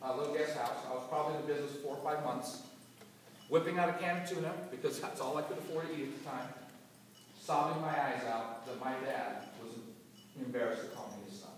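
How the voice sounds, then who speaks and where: A man giving a motivational talk to an audience, telling a personal story in an animated, emotional way. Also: mid-range voice, quick pace, slight background noise. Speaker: motivational business speaker. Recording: echoey hall from far off.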